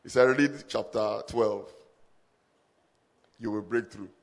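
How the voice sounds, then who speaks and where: A middle-aged man, a pastor, preaching a sermon to a congregation, telling stories in a low voice and then rising to loud emphatic peaks, with call-and-response. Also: takes it slowly. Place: church service with a congregation.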